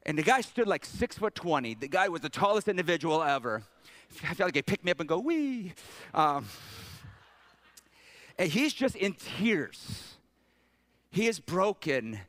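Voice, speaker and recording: A man preaching a sermon as pastor, animated and storytelling, with joking asides and questions to the congregation. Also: on the high side, normal speed, long pauses, dry recording.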